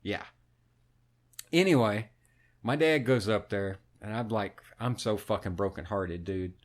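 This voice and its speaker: A man telling a story on a podcast, animated and swearing constantly in casual chat. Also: on the low side, measured pace. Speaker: podcast co-host.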